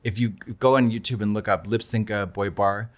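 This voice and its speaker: A man co-hosting a podcast in casual chat, campy, with quick jokes and frequent laughs. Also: lowish voice, steady tone. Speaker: podcast co-host.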